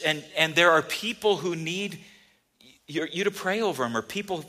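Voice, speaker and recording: A male pastor preaching a sermon in church, conversational and halting, repeating words and swinging between soft and emphatic. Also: on the high side.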